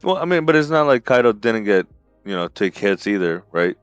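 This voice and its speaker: Low-voiced podcast guy, dry sound. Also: very animated, a little fast, clear, resonant tone, no echo, dull audio, soft background music. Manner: talks over others, restarts. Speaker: podcast co-host. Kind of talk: casual chat.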